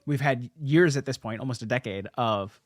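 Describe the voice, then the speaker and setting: Animated young man retelling comic stories. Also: mid-range voice, normal speed, dry recording, clean studio sound. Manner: animated storyteller, many "like"s and restarts. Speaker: podcast host. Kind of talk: casual comic-history chat.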